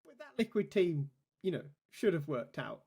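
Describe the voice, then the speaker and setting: A man with a high voice co-hosting a podcast. He talks fast, argues his points and cuts in on others. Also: very animated, gravelly, darkish tone, slightly rough. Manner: quick, argumentative, cuts in. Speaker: podcast co-host. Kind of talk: casual chat.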